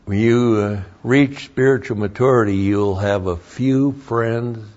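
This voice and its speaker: An older pastor with a medium-pitched, darkish voice preaches a sermon at a measured pace, shifting between folksy storytelling and emphatic preaching. The sermon recording is dull and lo-fi.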